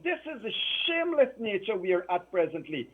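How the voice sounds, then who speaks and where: A man speaks with real emotion, stacking repeated phrases as he drives each point home. His voice sits high for a man. It comes through a thin, tinny phone line. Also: sing-song, brisk, husky. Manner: emphatic, repeats phrases for emphasis. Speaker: political commentator. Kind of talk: impassioned political talk.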